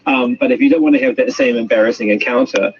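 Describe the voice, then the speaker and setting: A man from New Zealand with a New Zealand accent, chatting casually in a playful, animated way. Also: medium pitch, fast, vocal fry, highs cut off, a little hiss or hum. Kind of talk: casual chat.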